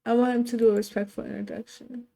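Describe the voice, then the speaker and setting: A woman's voice: fairly high pitch, little pitch movement, fast talker, creaky, warm tone. A woman narrating a life-sim game in casual chat, voicing the characters' lines herself. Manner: chatty, voices sim dialogue in quotes. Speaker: gameplay narrator. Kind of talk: casual let's-play storytelling.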